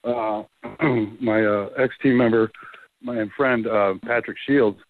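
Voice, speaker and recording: A man's voice: fairly low pitch, takes it slowly, slight background noise. A man, a paranormal investigator, telling his case stories in a casual interview and acting out the voices of the people he quotes. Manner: animated, acts out quoted voices. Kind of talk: casual phone interview storytelling. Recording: tinny phone line.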